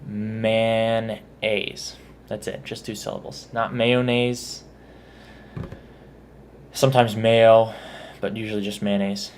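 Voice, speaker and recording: Texan man, low voice, casual vlog talk, self-correcting, spells words aloud. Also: level tone, normal speed, darkish tone, slight background noise. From Texas. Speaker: vlogger. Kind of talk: casual accent tag video.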